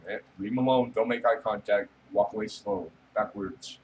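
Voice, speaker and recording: A man's voice: medium pitch, level tone, quick pace, hardly any pauses, far from the mic, slight background noise, rough recording. Rambling joking man on a livestream. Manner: rambling, joking, laughs often, swears casually. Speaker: livestream host chatting with viewers. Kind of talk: casual late-night livestream chat.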